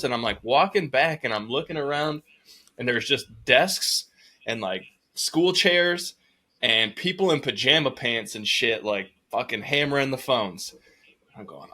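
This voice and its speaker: A man's voice: mid-range voice, animated, normal speed, sharp tone. A man hosting a podcast in casual chat, laid-back and swearing freely as he tells stories and acts out the people in them. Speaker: podcast host.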